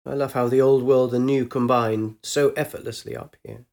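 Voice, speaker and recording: A man's voice: mid-range voice, fairly even intonation, normal speed, gravelly, a little mellow, lightly acted. A man voicing an unsure young woman in a storybook reading, in his own hesitant everyday voice.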